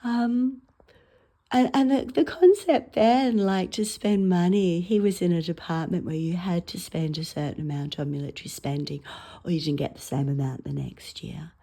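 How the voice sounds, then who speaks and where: A middle-aged Australian woman with a husky, dark-toned voice, talking her way through a stand-up set. She rambles from story to story, swears freely, and swings between loud, high outbursts and quiet muttered asides. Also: moderate pace. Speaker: stand-up comic.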